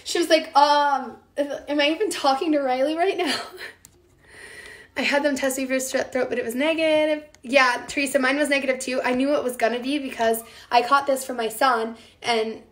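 A chatty young woman from the Midwest runs a casual cooking live stream, her voice still recovering from an illness. Her pitch sits a little on the high side, and she greets viewers by name as she talks. The sound carries a noticeable room echo. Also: steady tone, moderate pace, a bit bright. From American Midwest.

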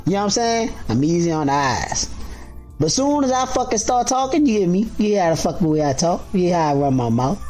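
A man co-hosting a podcast, talking loud and profane in casual chat, telling animated stories. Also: sits high, brisk, faint music behind. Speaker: podcast co-host.

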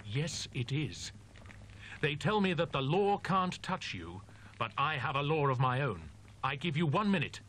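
A man's voice: on the high side, sing-song, a bit bright, a little hiss or hum. A man as a grim, determined student. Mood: threatening. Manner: grim, firm, deliberate. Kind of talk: audiobook drama acting.

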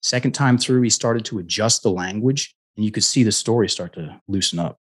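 Middle-aged man, low husky voice, earnest interview guest who restarts his sentences. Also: brisk. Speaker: guest coach. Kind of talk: conversational storytelling interview.

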